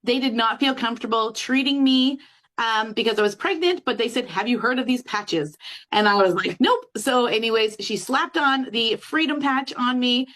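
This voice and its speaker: A woman in her thirties sharing a personal testimonial. She tells it in a chatty, storytelling way, with a voice pitched a bit higher than most women's. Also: moderate pace, fairly bright tone, poor audio. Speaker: school teacher.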